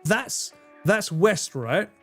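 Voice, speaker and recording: A chatty man hosting a casual live stream, his voice sitting a little on the high side. He laughs often and swears freely as he reacts to his chat. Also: expressive, very slow, faint music behind.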